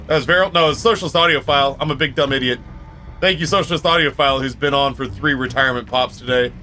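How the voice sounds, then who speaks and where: A man's voice: medium pitch, quick pace, pushed and bright, faint music behind. A man streaming a game and chatting casually, rambling and cracking crude jokes with his viewers. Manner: rambling, joking, crude banter with chat. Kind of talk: casual live-stream chat while gaming.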